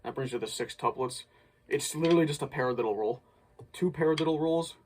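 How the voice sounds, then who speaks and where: Male drum instructor, relaxed teaching delivery, loud noise under the voice. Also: mid-range voice, quick pace. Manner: relaxed, thinks aloud with restarts. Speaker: drumline instructor. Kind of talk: casual instructional breakdown.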